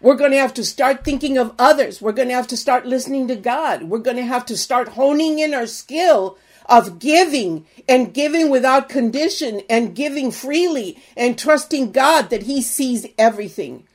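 A woman's voice: high voice, animated, moderate pace. An older woman preaching, telling an earnest personal testimony and exhorting her listeners.

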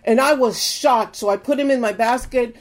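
A woman's voice: on the high side, moderate pace. An older woman preaching, telling an earnest personal testimony and exhorting her listeners.

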